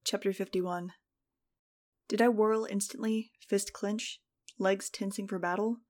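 A woman's voice: mid-range voice, fairly even intonation, measured pace, a little mellow. Wry woman narrating an audiobook. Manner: wry, sardonic. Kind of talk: first-person audiobook narration.

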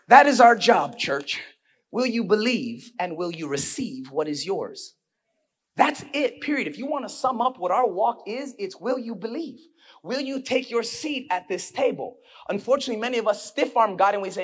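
A male pastor with a high, husky voice preaches his sermon. He moves from quiet, intimate storytelling up to loud, shouted peaks. He keeps firing questions straight at his congregation. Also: big pitch swings, moderate pace.

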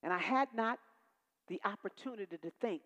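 A woman's voice: medium pitch, a little fast. Woman in her 60s preaching in a reverberant hall. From Texas. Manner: call-and-response preaching, rising to emphatic peaks then dropping soft. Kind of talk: testimony sermon.

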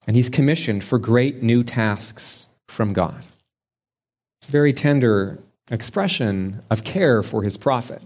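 Slow, measured male preacher. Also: mid-range voice, a little mellow, husky. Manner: slow, measured and reflective, with long pauses. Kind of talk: sermon.

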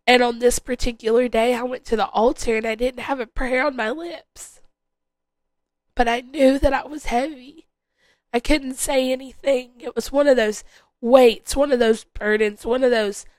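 A woman's voice: fairly high pitch, dry recording, low-quality recording. A woman hosting a podcast, sharing a heartfelt personal faith testimony in an earnest way and repeating phrases for emphasis. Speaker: podcast host.

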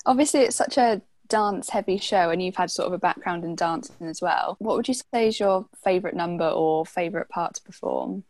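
A woman's voice: on the low side, fairly quick, few pauses, a little mellow, no echo. Woman, British accent, interviewer, long winding questions, dry close sound. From United Kingdom. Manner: asks long, rambling questions with added context.

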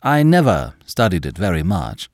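A quick-witted young man, once a lawyer, pleads his case earnestly and with self-assurance, as a male reader puts him on. The voice is low and deep, with lively pitch movement, in a dry, close recording. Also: gravelly, no echo, heavily acted.

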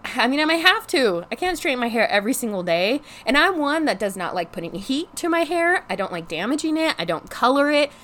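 A young woman telling a frustrated storytime vlog in casual chat, animated and exasperated, swearing freely and saying "like" constantly. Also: high voice, fairly quick. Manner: heavy use of "like" as filler. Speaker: vlogger.

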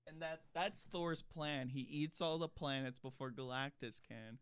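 A man's voice: fairly high pitch, unhurried, fairly bright tone, clean tone, dry recording. Guy rambling on a podcast, lots of likes, dry mic. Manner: rambling, filler-heavy storytelling. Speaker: podcast co-host. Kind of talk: casual chat.

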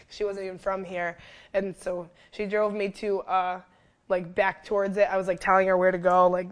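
A young woman, a fitness coach, telling a story in a casual interview, animated and full of fillers, who jumps loud and high when quoting herself. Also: normal speed. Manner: animated, lots of fillers, acts out quotes loudly. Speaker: fitness trainer and wellness coach, guest.

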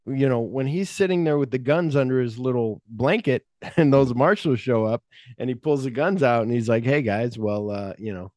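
A man's voice: medium pitch, animated, normal speed, darkish tone, no room sound, clean studio sound. A man hosting a podcast, casually retelling movie scenes and acting out the lines he quotes. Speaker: podcast host. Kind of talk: casual film discussion.

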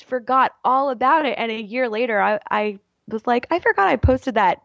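A woman guest on a podcast, chatting casually and telling stories in a quick, self-deprecating way. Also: on the high side, animated, vocal fry, no echo, lo-fi sound. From Baltimore area. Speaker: podcast guest, writer and YouTuber. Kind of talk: casual interview chat.

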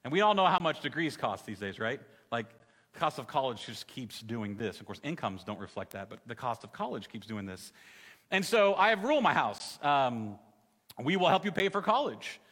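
Conversational preacher in a big echoing hall. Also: male voice, mid-range voice, very animated, fairly quick. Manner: conversational, calls on the audience, drops to soft tones in the emotional story. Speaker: pastor. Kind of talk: sermon. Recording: long reverb in a large hall.

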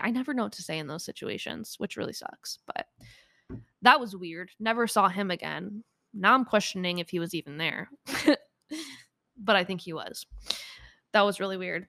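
A woman's voice: medium pitch, fairly bright tone, dry recording, clean studio sound. Chatty young woman podcast host. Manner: chatty, laughs often, lots of "like". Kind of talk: casual solo podcast storytelling.

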